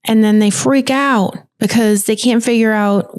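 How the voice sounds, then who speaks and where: A woman co-hosting a podcast, chatting casually and explaining things at length in a lively, talkative way. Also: on the high side, measured pace, clean tone. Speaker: podcast co-host.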